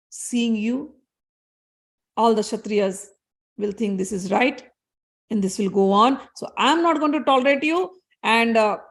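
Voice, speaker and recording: A woman voicing a furious old warrior-sage. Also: fairly high pitch. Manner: scolding, accusing. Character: furious older male warrior-sage, proud and threatening.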